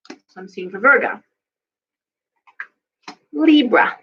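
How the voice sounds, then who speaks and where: A middle-aged woman with a fairly high voice reads tarot on a live stream. She talks bluntly and with heat, swears without a second thought and answers her viewers' comments. The audio comes through dull and lo-fi. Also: lively intonation, takes it slowly, breathy edge. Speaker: tarot reader and astrologer. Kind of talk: live-stream tarot reading, casual chat.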